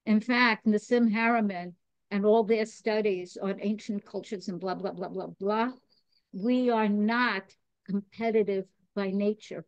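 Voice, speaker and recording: A woman's voice: mid-range voice, steady tone, measured pace, clear, resonant tone, no room sound, lo-fi sound. A woman from New York, a podcast guest, talking in a chatty, digressive way, laughing at herself and earnest about spiritual growth. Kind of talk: casual chat.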